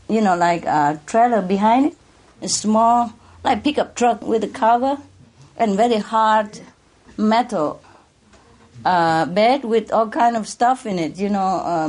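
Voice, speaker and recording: Woman, interviewee, heartfelt and halting, mid-pitched, casual conversation. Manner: earnest and emotional, halting with restarts and soft laughs. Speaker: interviewee addressed as master.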